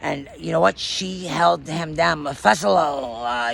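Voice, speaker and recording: A man's voice: on the high side, slow, gravelly, fairly bright tone, slight background noise. A man in a raw personal monologue, rambling, emotionally distressed and swearing often. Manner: profane.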